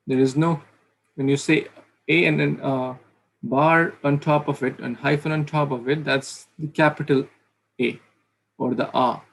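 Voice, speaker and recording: Slow, gravelly man teaching pronunciation. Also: fairly high pitch, steady tone, a bit bright. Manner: patient, repeats sounds slowly to demonstrate. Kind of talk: online class explaining pronunciation. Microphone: video call.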